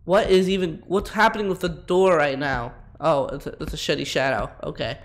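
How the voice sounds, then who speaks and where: A man's voice: sits high, expressive, moderate pace, vocal fry. A man streaming a horror game, talking crudely and rambling at his chat as he plays. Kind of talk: live gameplay commentary.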